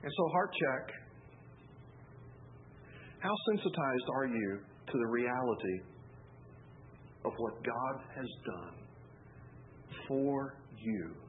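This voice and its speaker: A man's voice: mid-range voice, animated, slow, long pauses. A man giving a sermon as pastor, telling stories in a loose, conversational way with fillers and restarts. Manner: conversational, rambling storytelling with fillers. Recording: phone-like narrow sound, faint hiss.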